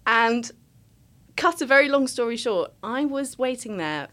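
A woman in her thirties, a podcast guest telling a personal story in casual chat, animated and full of laughs. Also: fairly high pitch, a little slow. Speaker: podcast guest, writer and performer.

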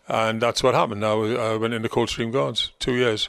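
A man's voice: mid-range voice, little pitch movement, brisk, creaky, a bit bright, clear, resonant tone, no room sound, studio quality. An older man with a Geordie accent, a former football manager reminiscing in an interview with a chatty, storytelling manner. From North East England. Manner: chatty storyteller with fillers and dialect words.

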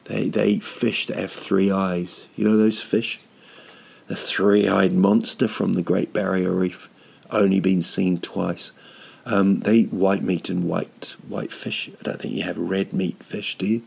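A man's voice: low-pitched, little pitch movement, unhurried, gravelly, darkish tone, slightly rough. A man hosting a comedy podcast, rambling through a self-deprecating monologue with lots of fillers and restarts.

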